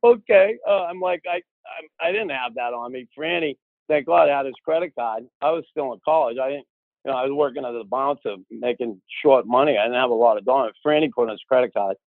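A man telling a long casual anecdote, lively and acting out the voices of the people he quotes. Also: mid-range voice, a little fast, dry recording. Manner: animated, acts out quoted voices. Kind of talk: casual storytelling. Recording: tinny phone-like audio.

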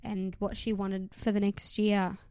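A woman's voice: mid-range voice, flat delivery, measured pace, darkish tone, clear, resonant tone, dry recording. Wry young woman, close dry voice. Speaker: podcast co-host. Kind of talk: casual chat.

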